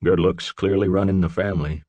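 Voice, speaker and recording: A smarmy crime boss, as a man voices him flatters in a smooth, oily way. The voice is low and husky. The read is close and dry. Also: brisk, dry recording, highs cut off. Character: smarmy middle-aged crime boss, leering charmer.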